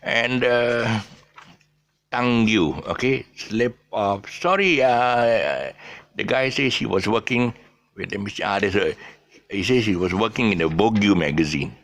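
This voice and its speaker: A man with a deep, low, gravelly voice that's a bit bright gives a loose, unscripted pronunciation lesson at a slow pace. He often stops for fillers and restarts, spelling out letters as he explains.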